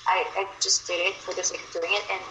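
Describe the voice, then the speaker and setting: A young woman from Manila with a Filipino accent talks casually and chattily, stringing thoughts together with plenty of fillers. Her voice is bright and clear. She sounds like she is in a roomy, echoing space with a faint hiss behind her. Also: on the low side, level tone, fast talker. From Philippines, Manila. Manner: chatty, loose, with frequent fillers. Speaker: conversation partner. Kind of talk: casual chat. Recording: roomy echo.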